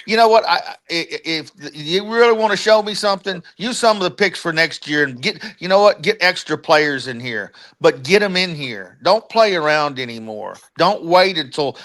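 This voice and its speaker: A man's voice: on the high side, animated, normal speed, hardly any pauses, a bit bright. A man on a sports podcast, ranting bluntly and with profanity, calling in remotely. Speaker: podcast panelist. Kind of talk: heated casual sports chat.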